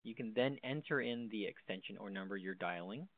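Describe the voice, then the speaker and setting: Here a tutorial presenter with a lowish voice moves briskly through a desk phone's basic features in a plain, methodical way. It's a dry, narrow, phone-like recording without any room sound.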